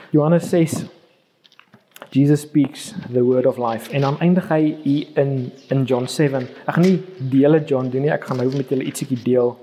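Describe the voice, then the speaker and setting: A man with a South African Afrikaans accent preaches a sermon, his voice mellow and unforced. He reads scripture aloud, drawing out the words he wants to land. A long reverb trails behind him as the sound hangs in a church hall. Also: on the high side. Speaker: pastor.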